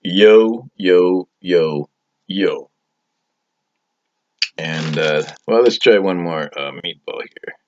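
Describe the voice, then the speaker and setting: Slow rambling low-voiced man reviewing food. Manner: hesitant, rambling, lots of fillers, "yo" catchphrase. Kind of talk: rambling comic food review in a tough-guy persona. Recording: dull lo-fi audio, faint hiss.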